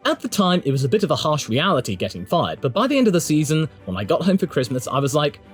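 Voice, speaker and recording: A man voicing an easygoing adult male Australian racing driver, with a put-on Australian accent and a relaxed, matter-of-fact delivery. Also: fairly high pitch, fast, husky, faint music behind.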